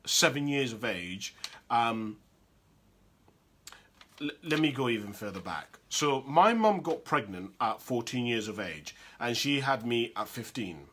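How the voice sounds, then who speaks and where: A man from Uganda giving a candid, reflective personal talk, often pausing and restarting his sentences. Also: medium pitch, very animated, pushed and bright, a little hiss or hum. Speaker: speaker sharing personal reflections.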